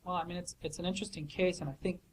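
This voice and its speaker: A man's voice: high-pitched, fairly even intonation, racing, a little hiss or hum, poor audio. A man answering student questions in a casual academic way, thoughtful and hesitant, with many fillers and restarts. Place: office hour recording.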